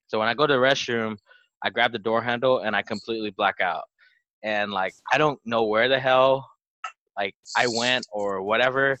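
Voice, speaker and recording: A young man in his twenties with a low voice tells a rambling story, his talk full of "like" fillers. The sound is dry and a little dull, as on a modest home setup. He talks in a loose, casual podcast-host way. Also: pushed and bright, no room sound. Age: 20s.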